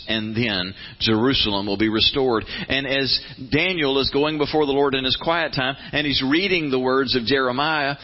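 Earnest American preacher on muffled radio. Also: male voice, on the high side. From United States. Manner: earnest, conversational, rising to animated emphasis. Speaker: pastor. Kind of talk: sermon with scripture reading.

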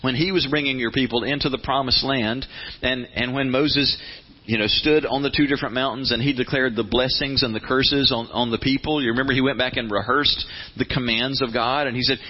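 An American man preaching a sermon and reading scripture, talking earnestly and conversationally, then building to animated emphasis. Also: medium pitch, fairly quick, highs cut off. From United States. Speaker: pastor.

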